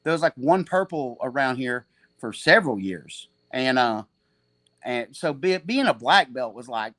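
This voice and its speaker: Guesting on a podcast, a jiu-jitsu gym owner in his forties tells stories casually, rambling, swearing and mocking himself. His medium-pitched voice swings widely in pitch, unhurried and a bit bright, with no echo.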